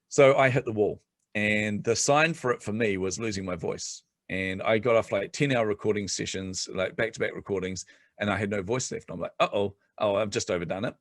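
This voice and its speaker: A middle-aged man chatting on a podcast as a guest, telling animated stories and laughing often. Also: fairly low pitch, dry recording, studio quality. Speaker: guest entrepreneur. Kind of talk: casual podcast chat.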